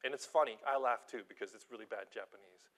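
Speaking quickly at a medium pitch, this preacher draws on his schoolteaching job for lively, self-mocking stories. The sermon is informal, and he shifts between soft asides and booming emphasis.

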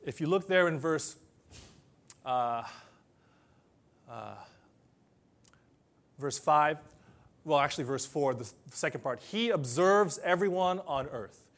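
Male pastor, fairly high voice, animated sermon delivery with loud peaks and hushed asides. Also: slow pace, pauses often. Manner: animated, swings between loud emphasis and soft asides.

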